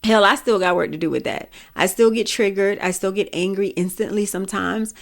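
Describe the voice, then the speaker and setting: A woman's voice: medium pitch, a little fast, creaky. A middle-aged woman hosting a podcast, talking candidly and bluntly in a casual opinion monologue, with some swearing. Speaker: podcast host.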